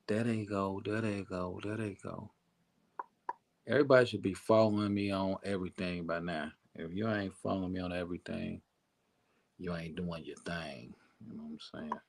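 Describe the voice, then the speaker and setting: Hype-building male podcast host, low voice. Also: gravelly, slightly rough. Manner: hyped, repeats calls to the audience to come on in. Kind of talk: casual chat.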